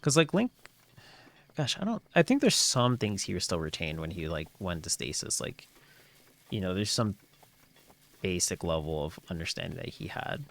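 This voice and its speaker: Low-voiced rambling male streamer. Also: sing-song, moderate pace, gravelly, long pauses, a bit bright. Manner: rambling, many filler words; laughs often. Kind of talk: live gameplay stream chat.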